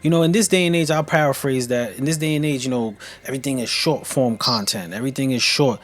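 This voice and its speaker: An upbeat male host runs a casual live interview and reads viewer questions aloud. He talks in relaxed slang and keeps giving shout-outs to his audience. His voice sits at a middle pitch for a man. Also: fast. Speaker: show host.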